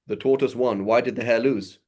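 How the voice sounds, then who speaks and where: Brisk and steady, a man with a darkish, mid-range voice delivers an informal religious lesson as a teacher. He speaks loosely, regularly checks in with "right?", and recites Arabic passages fluently.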